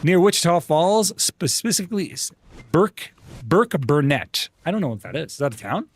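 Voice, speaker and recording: Lively, chatty male game streamer. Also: moderate pace, slight background noise. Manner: chatty, friendly, greets viewers by name; rambling restarts, animated jumps in pitch. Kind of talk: casual live-stream chat while gaming.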